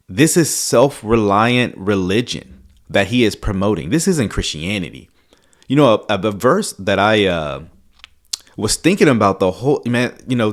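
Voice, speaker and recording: A man with a lowish voice delivers theology commentary in an emphatic, preacherly way. He hosts the channel and reacts to clips he plays.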